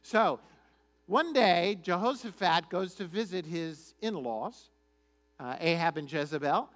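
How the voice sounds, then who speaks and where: A man preaching a sermon, retelling a story in an animated, chatty, conversational way. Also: sits high, measured pace. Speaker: pastor.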